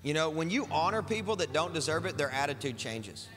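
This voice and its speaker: Pastor guy preaching, high bright voice, chatty asides, big reverby hall, faint music under. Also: sing-song, a little fast. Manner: emphatic, conversational preaching with asides. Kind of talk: sermon.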